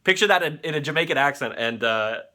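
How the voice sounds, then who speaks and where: A man hosting a live online show, reacting excitedly to viral videos with frequent fillers and swearing. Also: a little high, quick pace.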